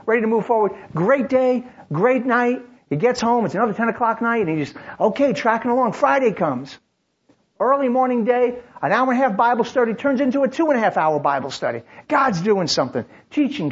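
A man's voice: high-pitched, husky, highs cut off. A man preaching, telling a story in the third person in short dramatic lines with frequent restarts. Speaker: pastor. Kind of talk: sermon storytelling.

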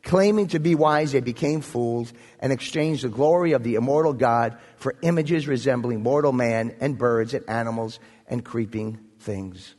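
A man's voice: mid-range voice, moderate pace, few pauses, darkish tone. A man preaching a sermon as pastor, earnest and storytelling, building to emphatic points. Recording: echoey hall reverb.

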